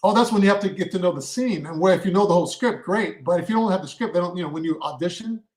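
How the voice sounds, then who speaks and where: A man with a high speaking voice talks shop about acting on a casual podcast. He explains at length, doubling back and restarting his phrases as he goes. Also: very fast, darkish tone, poor audio. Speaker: podcast co-host and actor. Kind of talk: casual chat.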